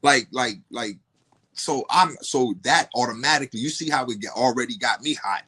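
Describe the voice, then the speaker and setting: A man's voice: medium pitch, bright, forceful tone, slightly rough. A man, a podcast guest, telling a personal story in casual, profane talk full of restarts. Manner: profane, halting, many restarts.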